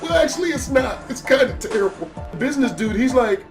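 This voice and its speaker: A man telling a story in casual, profane storytime style, animated and laughing at his own tale. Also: very high voice, quick pace, few pauses, soft background music. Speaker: YouTube storyteller.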